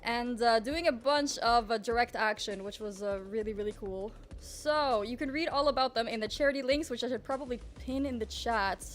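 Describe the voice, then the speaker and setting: A woman's voice: on the high side, normal speed, few pauses, a little hiss or hum. A young woman streamer with a groggy morning voice, chatting in a rambling, casual way and greeting her chat. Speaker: livestreamer.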